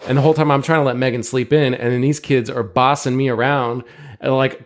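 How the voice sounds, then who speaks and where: A man in his thirties, co-hosting a podcast, telling stories in an animated way and swearing freely. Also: mid-range voice, a little fast. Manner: animated storyteller, swears a lot, acts out his kids. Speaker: podcast co-host. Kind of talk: casual chat.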